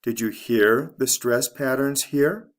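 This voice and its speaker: A man teaching English pronunciation, saying words slowly and deliberately and repeating them for practice. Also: mid-range voice. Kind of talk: pronunciation lesson.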